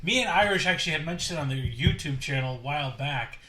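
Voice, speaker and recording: A man's voice: on the high side, animated, fast talker, pushed and bright, roomy sound. A man co-hosting a beer podcast, loosely presenting a fact of the day with easy laughs. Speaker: podcast co-host presenting facts. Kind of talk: casual beer review chat.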